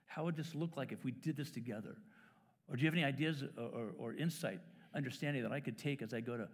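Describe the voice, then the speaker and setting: A middle-aged man preaching a sermon as pastor, telling stories and acting out conversations with lively shifts in voice. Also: mid-range voice, fast talker, slightly rough. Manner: storytelling, acts out dialogue with lively shifts. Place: church sanctuary. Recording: church hall reverb.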